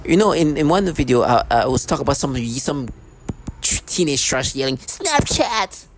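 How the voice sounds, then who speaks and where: Guy ranting into his camera, mid pitch, keeps repeating himself and cursing, bit of faint noise behind. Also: a little fast. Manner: agitated, repetitive, profane, many restarts. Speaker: vlogger. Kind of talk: rambling monologue to camera.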